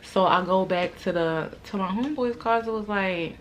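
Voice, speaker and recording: A young adult woman vlogger tells a storytime to camera at a moderate pace, using casual slang, with a little hiss or hum in the recording. She's animated and laughs a lot, acting out other people's lines with big leaps in pitch and loudness.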